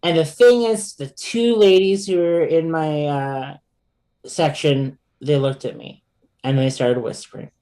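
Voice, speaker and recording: Here a man guesting on a podcast tells a personal anecdote, casual and full of laughter. His voice sits on the higher side and he's in no rush, though his speech is packed with fillers and false starts.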